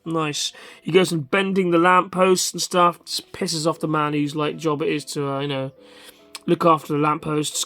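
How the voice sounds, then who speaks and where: A man's voice: a little high, flat delivery, moderate pace, a bit bright, soft background music. A man hosting a casual, rambling video review, off-hand and chatty with mild swearing. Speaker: vlog host.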